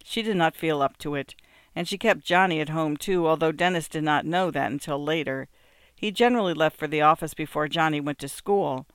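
Guy reading a novel aloud, smooth crisp voice, slightly high, dry close sound. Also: fairly quick, fairly bright tone, dry recording. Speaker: narrator. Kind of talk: audiobook narration.

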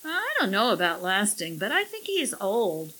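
An easygoing young husband who speaks hesitantly and lets his sentences trail off, as a woman reads him. The voice is bright and breathy, set a touch above the reader's own. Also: mid-range voice, huge pitch swings, normal speed, full character voice, rough recording. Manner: tentative, trailing off mid-sentence. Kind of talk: audiobook character voice.

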